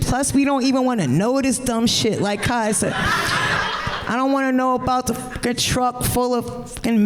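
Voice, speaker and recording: A woman's voice: high-pitched, heavy background noise. A woman poet performing spoken-word verse at a live event, with a rhythmic, chant-like delivery that breaks into loose, profane banter. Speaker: poet and co-editor.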